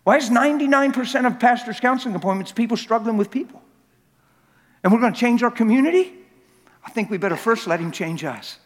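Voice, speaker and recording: A man preaching a sermon with emphatic repetition, joking with the congregation and building to shouts. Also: extremely high pitch, lively intonation, a little fast. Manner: emphatic, repeats words for effect, rises to shouting at climaxes; jokes with the crowd. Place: church hall. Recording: long reverb in a big church hall.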